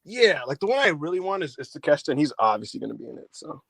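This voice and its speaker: A man co-hosting a wrestling podcast in casual chat, animated, often laughing and swearing freely. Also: a little high, rapid-fire, vocal fry, slightly rough, dry recording. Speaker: podcast co-host.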